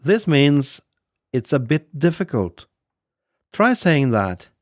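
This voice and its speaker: Male teacher, slightly high voice, slow scripted lesson delivery, dry close sound. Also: big pitch swings, no room sound. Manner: slow, patient, repeats phrases for learners. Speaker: language teacher. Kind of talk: scripted audio language lesson.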